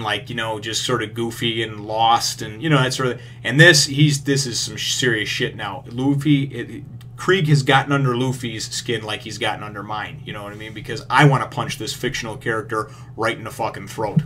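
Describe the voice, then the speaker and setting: A man's voice: mid-range voice, fairly quick, slight background noise. Rambling man recapping a comic chapter. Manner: rambling, filler-heavy, swears freely; gets excited retelling action. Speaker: manga review host.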